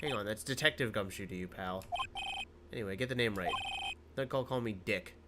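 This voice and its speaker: A man voicing a blunt, eager male police detective in a gruff, low voice. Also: fairly quick, very noisy, lightly acted. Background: game music.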